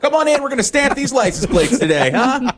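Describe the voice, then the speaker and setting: A man's voice: very high-pitched, sing-song, a little fast, fairly bright tone, pitched above the performer's own voice, heavily acted. A man voicing an overly cheerful male prison inmate in a radio studio, upbeat and sing-song. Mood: chipper.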